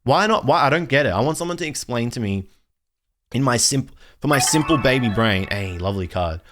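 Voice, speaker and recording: A man's voice: medium pitch, a bit bright. A young man hosting a casual pack-opening video, ranting in an exasperated, rambling way with frequent restarts. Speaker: card collector video host.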